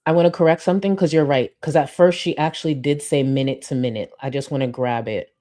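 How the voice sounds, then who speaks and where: A woman's voice: low-pitched, fairly even intonation, fast, dark tone. A woman streamer giving blunt, emphatic commentary, swearing freely and reading chat comments aloud.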